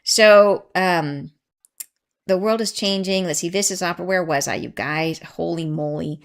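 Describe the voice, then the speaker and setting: A woman's voice: on the low side, unhurried. Chatty rambling woman host. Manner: chatty, rambling, goes off on tangents; laughs often, excitable. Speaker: podcast host and channeler. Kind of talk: casual spiritual talk to listeners.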